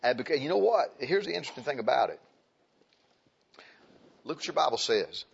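A male preacher delivering a sermon, dropping to quiet asides and rising to loud, high exhortation. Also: sing-song, fairly quick, gravelly, husky, dull audio.

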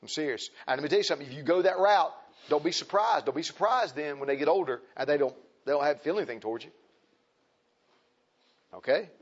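High-voiced preacher man. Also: expressive, fast, husky. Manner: emphatic, repetitive, swings between shouting and hushed tones. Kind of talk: fiery sermon. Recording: dull lo-fi recording.

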